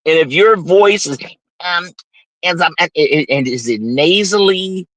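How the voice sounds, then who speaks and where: A man with a high, slightly nasal voice hosts a livestream, ranting off the cuff in a brash, preachy way, swinging from loud outbursts to muttered asides. He speaks unhurriedly, and the low-quality recording has no echo.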